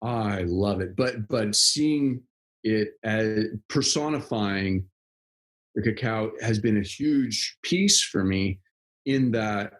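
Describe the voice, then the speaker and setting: A man's voice: fairly low pitch, slow pace. A young man chatting casually as a podcast guest, rambling with lots of fillers and frequent laughs. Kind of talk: casual conversation.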